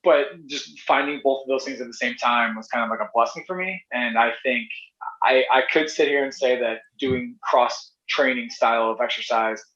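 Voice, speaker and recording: A man's voice: medium pitch, moderate pace, fairly bright tone. Married guy rambling about his fitness journey, lots of you knows, bit muffled. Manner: rambling, many fillers and restarts. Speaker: fitness coach co-host. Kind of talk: casual chat.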